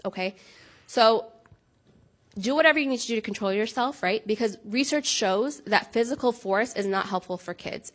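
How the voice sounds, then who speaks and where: An adult woman with a child gives parents an informal talk on handling anger, her mid-range voice a bit bright. She keeps it conversational, checks in often with "right?", and laughs at herself.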